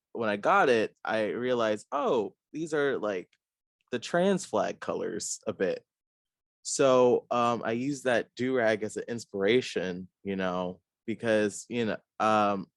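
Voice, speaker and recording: A man's voice: lowish voice, no echo. A young man, an artist being interviewed, talking casually with many fillers and frequent laughs. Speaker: artist guest.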